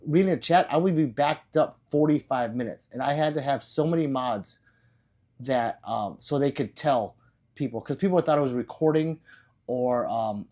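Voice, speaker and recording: A man's voice: mid-range voice, a little mellow. A man hosting a casual livestream, rambling loosely and swearing now and then. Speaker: livestream host.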